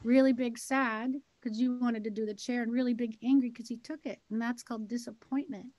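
Brief: woman co-host, rather high voice, storytelling with emphatic repetition. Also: fairly even intonation, brisk, a little mellow, dry recording, poor audio. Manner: storytelling, emphatic, repeats key words. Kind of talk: casual heart-to-heart chat.

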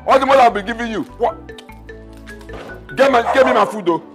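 A man's voice: very high voice, a little fast, loud music behind the voice. An actor with a Nigerian accent playing a middle-aged father in a film drama who mocks and blusters. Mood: bossy. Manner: mocking, blustering. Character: scornful older father demanding his food. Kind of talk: Nollywood film acting.

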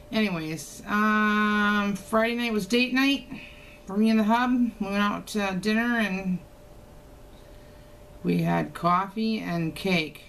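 A woman's voice: medium pitch, slow, gravelly, a bit bright, a little hiss or hum. An older woman, chatting casually to camera at home in a teasing, folksy way. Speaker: haul vlogger. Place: home, indoors.

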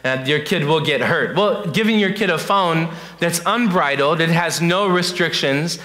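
Earnest youth pastor in a reverberant church. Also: male voice, fairly high pitch, normal speed, bright, forceful tone. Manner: earnest, repeats points, many fillers. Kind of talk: evening church talk. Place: church sanctuary. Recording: long church hall reverb.

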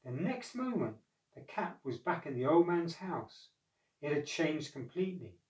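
A man narrating a storybook, measured and expressive. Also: on the high side. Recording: echoey room, far from mic.

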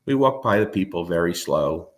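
A man's voice: sits low, expressive, normal speed. A man in his fifties, a dog trainer, telling a story in a blunt, emphatic way and swearing freely. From New Jersey. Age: 50s. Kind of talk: casual storytelling monologue.

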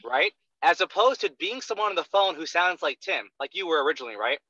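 Talking fast with lively intonation and a sharp, echo-free tone on the high side, a young man gives a sales trainee blunt coaching. He swears a lot, stresses everything, and constantly tags on "right?", all on a dull lo-fi recording.

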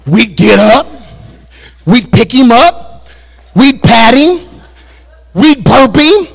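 A man preaching a sermon as pastor at a Bible study, repeating phrases and building to shouted climaxes. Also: sits high, vocal fry, slightly rough. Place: church.

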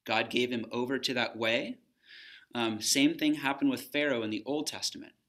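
Man, bible teacher, recorded lesson, conversational, poses questions, mid pitch. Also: steady tone, a bit bright. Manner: conversational, pauses to pose questions.

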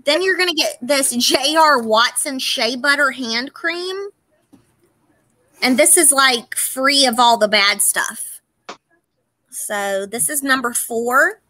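A woman's voice: sits high, slow, bright, forceful tone, poor audio. A woman with a Southern US accent hosting a live-stream auction, chatting casually while she reads out and counts the items in a lot. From Southern United States. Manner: chatty, laughing, reading out product names.

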